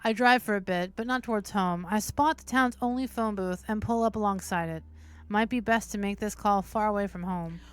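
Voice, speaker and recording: A smooth, medium-pitched female voice reads a visual novel aloud a little fast. She's the host of a stream, and her steady narration is punctuated by casual, swearing asides between passages.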